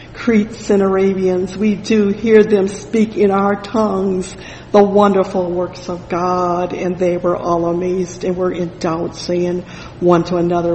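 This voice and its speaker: In a hall with a long echo and slight background noise, a preacher with a warm, mid-range voice delivers an impassioned sermon. Scripture readings are broken up by exclamations of "praise the Lord" and rambling, conversational asides, peppered with "you know" and restarts.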